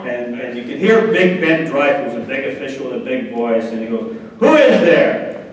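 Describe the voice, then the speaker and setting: A man's voice: medium pitch, fairly quick. A middle-aged man telling sports anecdotes as a guest speaker at a club meeting, acting out the voices of the people in his stories. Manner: animated anecdotes, acts out quoted voices. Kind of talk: after-dinner storytelling. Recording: echoey hall, distant mic, faint noise.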